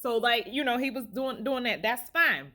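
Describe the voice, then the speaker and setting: A woman's voice: on the high side, expressive, moderate pace, sharp tone. A woman vlogger telling a funny story casually to the camera, laughing often, recorded on a handheld phone.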